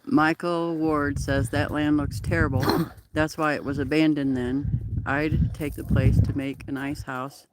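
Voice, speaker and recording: A woman's voice: low-pitched, little pitch movement, unhurried, very noisy. A woman sitting outdoors reading viewer comments aloud and greeting people on a live stream. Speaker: co-host reading chat comments. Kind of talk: casual live-stream chat.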